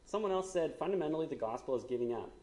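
A man's voice: on the high side, expressive, racing, dark tone, roomy sound. A man, likely in his thirties, giving a conversational sermon with frequent fillers and asides, as the church's pastor.

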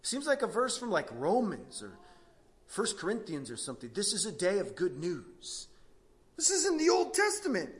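A man with a high-pitched voice preaches a sermon, retelling a Bible story with lively, animated storytelling. He frequently breaks off mid-sentence and restarts, swinging between hushed moments and emphatic, rising passages. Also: normal speed.

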